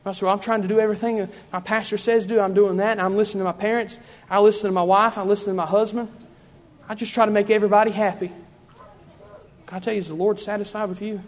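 Fervent high-voiced preacher in a hall. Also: male voice, level tone, fast. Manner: fervent, repetitive preaching cadence. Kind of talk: sermon. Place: church.

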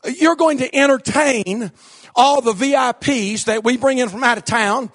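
A man's voice: very high voice, measured pace, a bit bright, full character voice. A man doing a blunt corporate boss. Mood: matter-of-fact. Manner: matter-of-fact, giving orders. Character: male corporate supervisor, blunt and businesslike.

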